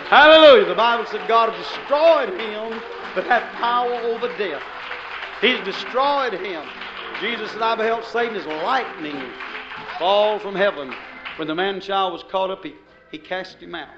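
Preacher guy, high voice, goes from hushed to shouting, muffled echoey church tape w/ music behind. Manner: fervent, rising to shouted exclamations. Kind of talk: sermon. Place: church hall.

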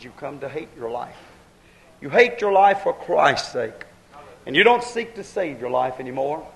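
A man preaching a fervent sermon, repeating phrases and breaking into sudden loud outcries. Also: a little high, poor audio.

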